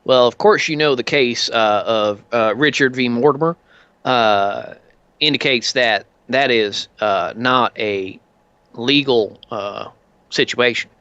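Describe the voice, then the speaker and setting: A man voicing a smooth, formal government official who keeps calling the listener sir. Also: medium pitch, slow, a bit bright, dry recording, lo-fi sound. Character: smooth-talking male government official, slick.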